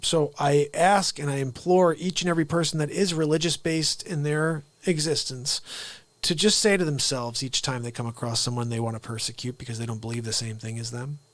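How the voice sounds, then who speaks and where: A man's voice: on the high side, steady tone, fairly quick, no room sound. A man hosting a live comedy stream, talking in a rambling, joking way that turns earnest. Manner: rambling, jokey, earnest asides. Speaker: livestream host and impressionist. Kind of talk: unscripted live comedy monologue.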